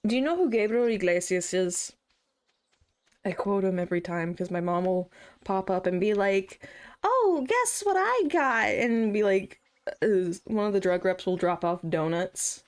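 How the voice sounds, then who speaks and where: A young female streamer plays a farming game and chats casually, her fairly low voice clean in tone, a little mellow, and moderately paced. Laughter comes often, swearing is free and easy, and she recites comedy bits using silly voices.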